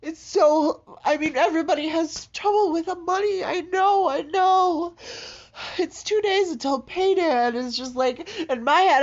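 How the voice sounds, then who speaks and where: A woman in a raw confessional monologue, distraught and halting, swearing heavily and breaking into shaky laughter. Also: very high voice. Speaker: vlogger. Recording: dull lo-fi audio.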